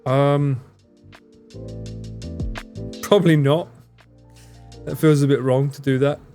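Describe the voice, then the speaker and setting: A man's voice: mid-range voice, fairly even intonation, slow, mellow, soft background music. A young man with an Essex accent, chatting casually and jokingly with his live stream viewers. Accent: Essex English. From Essex, England. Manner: joking, teasing, answers chat messages.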